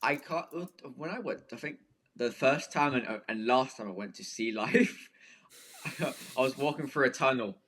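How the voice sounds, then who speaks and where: A young man chats casually on a podcast with his friends. He mostly chimes in with short jokes and stories, speaking at a middling pitch. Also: measured pace, a bit bright. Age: young adult. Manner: jokey, chiming in. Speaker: podcast co-host. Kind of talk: casual chat.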